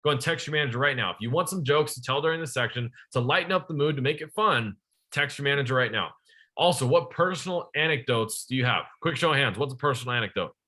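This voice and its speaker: A young man leads a sales training session with a bright, forceful voice. He talks to the room directly, firing questions at his listeners and keeping the energy up. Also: medium pitch, fast. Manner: energetic, addresses the audience directly.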